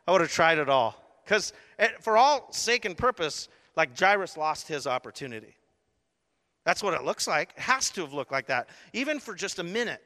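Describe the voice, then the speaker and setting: A male pastor preaching a sermon, acting out scenes in an animated way with sudden loud outbursts and quiet, hushed asides. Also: on the high side, moderate pace. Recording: long reverb of a large hall.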